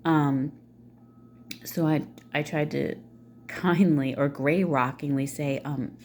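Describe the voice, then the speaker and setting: A woman's voice: low-pitched, steady tone, takes it slowly, darkish tone, a little hiss or hum. A middle-aged woman ranting casually to camera, blunt and swearing freely, with many fillers. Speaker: vlogger.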